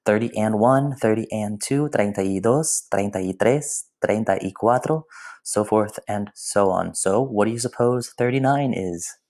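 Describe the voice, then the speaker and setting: A man's voice: fairly low pitch, moderate pace, darkish tone. A man teaching a recorded language lesson in a playful way, with whispered asides. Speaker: Spanish teacher.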